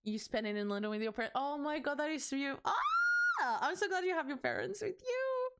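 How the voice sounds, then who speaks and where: A woman's voice: sits high, fast talker, noisy background. A young woman from Portugal with a Portuguese accent, chatting casually with her live-stream chat while building a set. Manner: chatty, animated, reacts to chat.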